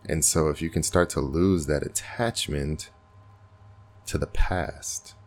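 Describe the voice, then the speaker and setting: A man's voice: a bass voice, steady tone, slow, a little mellow. A man hosting a podcast, talking earnestly and reflectively in a casual spiritual monologue. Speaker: podcast host.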